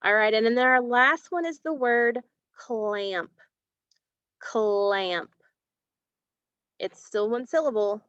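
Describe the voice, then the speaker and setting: Slow, encouraging woman phonics teacher. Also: a little high, a bit bright, clean tone, no room sound. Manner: stretches out and repeats single sounds, encouraging. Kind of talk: slow, clearly enunciated phonics lesson. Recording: dry, dull lo-fi recording.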